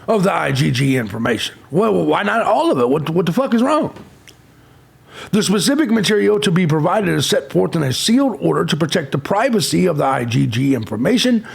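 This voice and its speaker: A man's voice: fairly high pitch, creaky, husky. A man hosting a true crime channel, ranting abrasively with insults and sarcasm. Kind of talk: profane ranting commentary.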